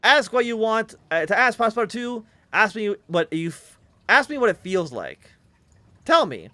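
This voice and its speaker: A proud female airship captain, wired into her vessel, speaks with rapturous intensity, as a man reads her lines aloud. The voice sits high and swings widely in pitch. The sound is dry and close. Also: sing-song, moderate pace, pushed and bright, dry recording, heavily acted. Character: cyborg woman airship captain, proud, ecstatic.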